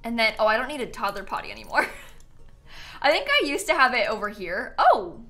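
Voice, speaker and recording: Woman streamer, casual and giggly, sits a little high in pitch. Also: wildly swooping pitch, fairly quick, pushed and bright, soft background music. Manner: chatty, giggly, talks to chat. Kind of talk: casual gameplay commentary.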